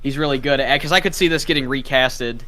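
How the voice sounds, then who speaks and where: A man's voice: medium pitch, fast, bright, forceful tone. Loose, swearing male podcast guest. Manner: loose, profane, rambling. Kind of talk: casual podcast chat.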